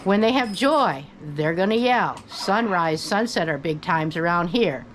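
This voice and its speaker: An older woman who hosts her own channel, giving relaxed, folksy advice about parrots at home and chatting to her bird now and then. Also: on the low side, unhurried, a little hiss or hum, poor audio. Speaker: parrot owner and channel host. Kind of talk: casual advice talk. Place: indoors at home, by her bed.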